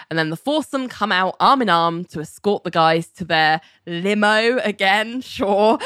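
Woman, lower voice, dry close sound; chatty recap host, animated. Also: no echo. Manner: animated storytelling, quoting characters, laughing often. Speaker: podcast co-host recapping a TV episode. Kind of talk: casual chat.

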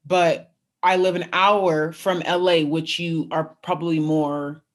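A young woman from California, a guest in a casual interview, telling animated stories and acting out quotes with laughter. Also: low-pitched, takes it slowly. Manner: animated storyteller, acts out quotes, laughs often. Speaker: guest, athlete.

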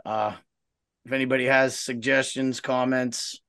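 In a casual chat on the fishing podcast he co-hosts, a tournament organizer laughs his way through a story, vividly acting out his dad's words. His voice is medium-pitched and clean, he speaks unhurriedly, and there's no room sound.

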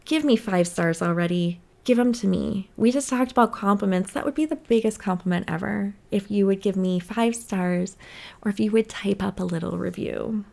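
A woman's voice: mid-range voice, normal speed, vocal fry, a little mellow. A woman hosting her own podcast, chatting casually and rambling, often swearing at herself. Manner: rambling, self-deprecating, swears a lot. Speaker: podcast host. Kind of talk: casual solo podcast chat.

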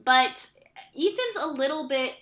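A woman's voice: high-pitched, animated, measured pace, fairly bright tone. A woman co-hosting a casual book-recap podcast, chatty, laughing and casually profane. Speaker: podcast co-host.

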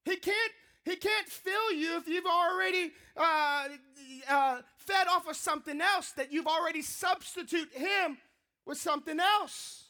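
A man preaching a sermon, telling a funny personal story in an animated, joking way. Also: very high-pitched, a little slow. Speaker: pastor.

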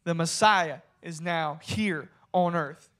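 A man with a notably high voice delivers a dramatic sermon. He reads scripture in old-fashioned wording and retells the scene with rising intensity, dropping low and then shouting at the peaks. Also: slow. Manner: dramatic, swings between soft storytelling and shouted climaxes; reads scripture aloud in King James wording. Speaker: preacher.

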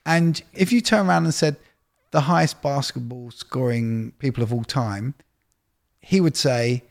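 A man with a gravelly, fry-edged voice at a middle pitch, chatting in a relaxed sit-down conversation. He tells quick stories and acts out the dialogue inside them. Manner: storytelling, quick anecdotes with quoted dialogue. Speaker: record label executive.

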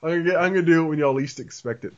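A man's voice: on the high side, very fast. A man hosting a casual podcast, reading listener mail and chatting, laughing often and restarting his sentences. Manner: laughs often, repeats words when restarting. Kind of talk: casual chat. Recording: dull lo-fi sound.

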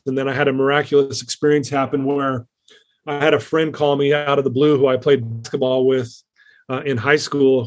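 A man as an interview guest, telling a personal story in an earnest, rambling way with many fillers and restarts. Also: medium pitch.

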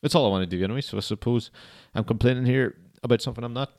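A man's voice: mid-range voice, rapid-fire, darkish tone. A young man hosting a podcast, chatting casually in a rambling, laid-back way and swearing often. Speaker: podcast host. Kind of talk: casual solo chat.

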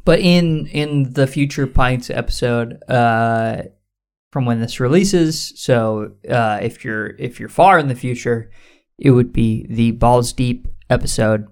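A man's voice: mid-range voice, slow pace, darkish tone, clear, resonant tone. A man in an easygoing podcast chat with a friend over beers. His talk is loose and casual, with swearing and easy laughter. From Washington State. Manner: laid-back, swears casually, laughs often. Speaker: podcast co-host.

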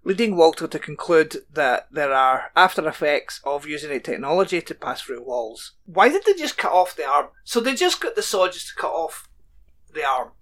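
A man's voice: on the high side, sing-song, moderate pace, creaky, fairly bright tone. A man co-hosting a podcast, recapping a TV episode in casual chat with dry joking asides. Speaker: podcast co-host.

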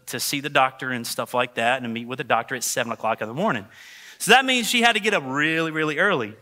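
Bright, animated pastor man. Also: fairly high pitch. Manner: animated storytelling, acts out voices. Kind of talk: sermon with personal story.

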